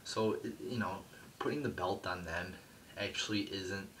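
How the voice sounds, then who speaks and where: A man's voice: low-pitched, normal speed, a bit bright, distant mic, a little hiss or hum, rough recording. A young man giving a profane, rambling review of a wrestling show, full of fillers and curses. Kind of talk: casual ranting review.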